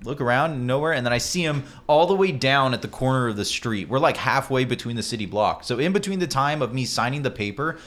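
Guy on a podcast telling a wild story, animated, swears a bunch. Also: medium pitch, a little fast, few pauses. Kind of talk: casual storytelling chat.

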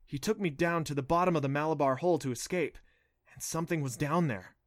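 A man's voice: on the high side, fast talker, dry recording, lightly acted. A man voicing an earnest, stubborn young boy who insists on his story, in a dry audiobook reading. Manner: insistent, defiant.

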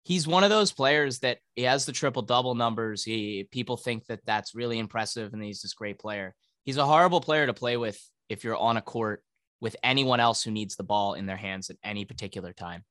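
A man's voice: medium pitch, fairly quick, fairly bright tone, dry recording. A male podcast co-host ranting about sports in casual, profane talk.

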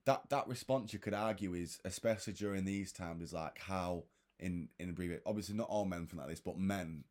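A man's voice: low voice, brisk, a little mellow. A man chatting casually about a film, blunt and swearing freely as he airs heated opinions. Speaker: film discussion co-host. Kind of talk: casual chat.

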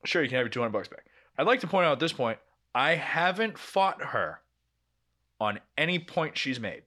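A man in his twenties telling an animated story in casual podcast chat, swearing freely. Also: fairly high pitch, normal speed. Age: 20s. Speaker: podcast co-host.

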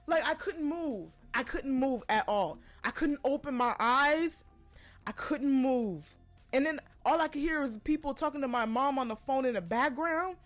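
A young woman hosting a podcast, casually telling a personal story with lots of animated asides and quoted voices. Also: high-pitched, normal speed. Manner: chatty, animated retelling with quoted voices and laughs. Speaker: podcast host.

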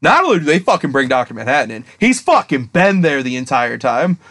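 A young man chatting at a fast clip on a casual podcast. He rambles and gushes, swearing nearly every other word, with his pitch sitting in an ordinary middle register. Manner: excited, heavy swearing, rapid rambling retelling. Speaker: podcast co-host. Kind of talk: casual chat.

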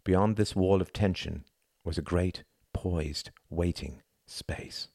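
A male audiobook narrator with a low voice. He reads in a measured, intimate way. The recording is close and dry, with no room sound. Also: vocal fry, a little mellow, no echo.

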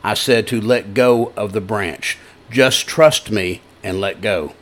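A man putting on a calm low voice of God. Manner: calm, slow and unhurried, gently wry. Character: calm, dry-humored male God voice from above.

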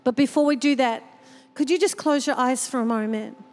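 A woman's voice: high voice, fairly quick, a little mellow. A woman pastor preaching a sermon at a church service, telling personal stories with feeling. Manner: emotional, personal storytelling. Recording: long hall reverb from the church.

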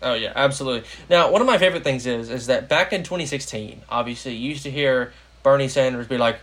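A man's voice: mid-range voice, fast, a bit bright. A young American man hosting a casual political podcast, rambling with lots of fillers. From United States. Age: young adult. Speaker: podcast host.

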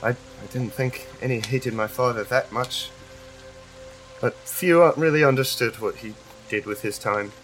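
A man's voice: mid-range voice, a little slow, fairly bright tone, faint music behind, close to an everyday voice, rough recording. A man voicing a grieving young woman, daughter of the dead man, with a polite, hesitant and weary manner, in a tabletop game.

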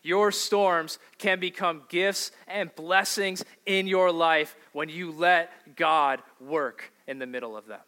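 Slow, bright-voiced male pastor. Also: a little high, steady tone. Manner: conversational preaching, asks the congregation questions. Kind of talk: sermon.

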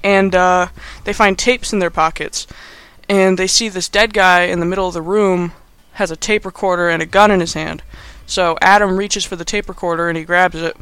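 A man's voice: sits high, steady tone, moderate pace, sharp tone, smooth, dry recording. A young man hosting a podcast, giving a casual movie recap in a rambling, sarcastic way. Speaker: podcast host.

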